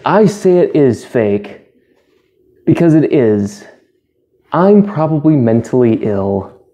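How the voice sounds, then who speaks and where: A man's voice: medium pitch, sing-song, slow pace, warm tone. A man putting on a smug hoax-video maker. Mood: smug mocking. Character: adult male online hoax video maker, dismissive.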